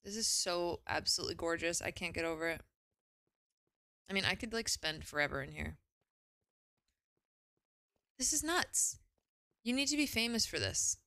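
A young woman streaming a game, chatting casually and gushing with excitement, often exclaiming and swearing. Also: on the low side, moderate pace, creaky, long pauses, no room sound, clean studio sound. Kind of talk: casual live gaming commentary.

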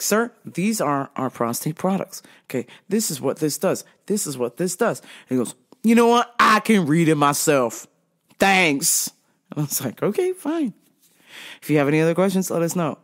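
Animated middle-aged woman telling a story. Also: low voice. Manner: animated, acts out customer's lines; swears freely. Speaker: podcast host. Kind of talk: storytelling anecdote.

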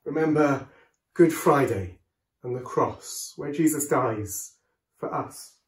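Gentle man telling a children's story, echoey room. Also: medium pitch, lively intonation, takes it slowly. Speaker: school worship leader.

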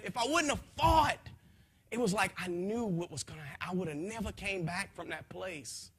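A man telling his testimony to a church gathering, swinging from hushed lines to shouting, repeating phrases, speaking in a folksy way. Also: extremely high pitch, husky.

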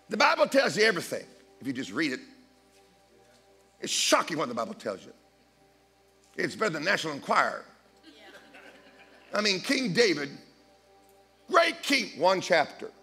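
Animated middle-aged male preacher, lively pitch. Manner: animated, jokey, acts out dialogue with big pitch swings. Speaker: guest preacher. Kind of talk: storytelling sermon.

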